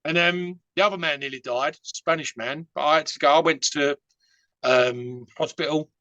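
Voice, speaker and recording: A man's voice: fairly high pitch, normal speed, bright, forceful tone, dry recording, lo-fi sound. A man from England with an Essex accent, a podcast guest telling stories in a rambling, frank way with many fillers. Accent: Essex English. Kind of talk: casual storytelling.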